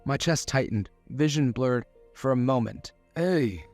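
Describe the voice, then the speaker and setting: A man narrating a first-person romance story in a steady scripted delivery. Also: mid-range voice, moderate pace, soft background music.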